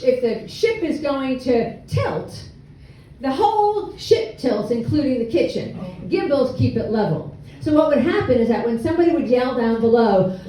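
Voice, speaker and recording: A woman's voice: high voice, slight background noise. Older lady spinning a funny story to a crowd, voice bouncing around an echoey hall. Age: 60s. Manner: humorous, animated, self-deprecating. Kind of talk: live storytelling performance. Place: hall with an audience. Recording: echoey room, mic from far off.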